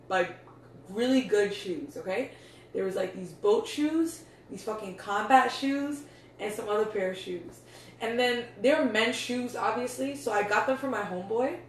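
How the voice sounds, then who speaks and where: A woman's voice: on the high side, unhurried. A young woman talks loosely to camera, peppering her talk with swearing and slang. She sits back from the mic, so her voice sounds distant and bounces around an echoey room, with faint noise underneath. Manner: loose, chatty, swears freely, says "like" and "yo" a lot. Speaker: meditation coach. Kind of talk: casual vlog talk.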